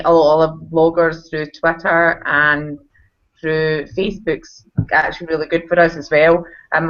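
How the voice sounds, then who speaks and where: A chatty woman talks casually about her vlogging, poking a little fun at herself. Her voice sits lowish, and the audio comes through dull and lo-fi. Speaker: guest vlogger. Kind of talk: casual chat.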